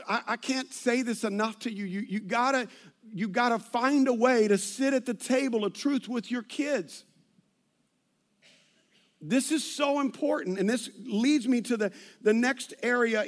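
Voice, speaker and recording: A man's voice: extremely high pitch, a little slow. A middle-aged man, a pastor preaching a sermon full of personal stories, telling them animatedly with many restarts and asides.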